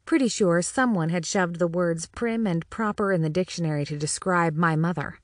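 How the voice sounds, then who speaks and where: A woman's voice: on the low side, expressive, moderate pace, hardly any pauses, dry recording. A woman narrating a first-person audiobook with wry, dry humor.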